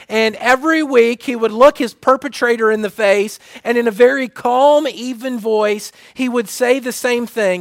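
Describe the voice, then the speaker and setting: A middle-aged pastor delivers a sermon in a fairly high voice, hammering home his points through repetition. The sound is dry and close, with no room echo. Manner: repetitive preaching cadence, restarts.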